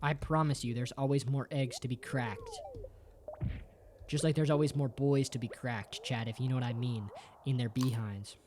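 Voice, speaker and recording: Casual livestream chat, jokey, swearing, says bro constantly, voice swinging high and low, medium pitch. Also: fairly even intonation, moderate pace, a little mellow, slight background noise. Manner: swears often and ends sentences with "bro"; playful and jokey, with big jumps up and down in pitch. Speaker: streamer.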